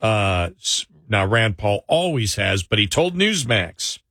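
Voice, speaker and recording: A man's voice: on the low side, sing-song, slow, pushed and bright, no echo, studio quality. A man hosting a casual political talk show, conversational and sometimes sarcastic, often correcting himself mid-sentence.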